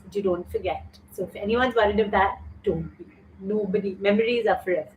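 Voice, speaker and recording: A middle-aged woman hosts a live online yoga class as teacher, speaking brisk and medium-pitched while she tears up, talking warmly to viewers and reading their comments. There's a little hiss or hum, plus roomy echo from a distant mic and faint ambience.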